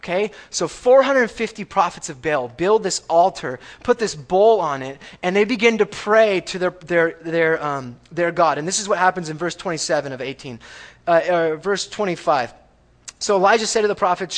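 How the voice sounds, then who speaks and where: A man preaching a sermon in a church, talking in a conversational way and checking in with the congregation, going from loud emphatic lines to hushed reading. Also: on the high side, lively intonation, normal speed. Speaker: pastor. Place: church sanctuary.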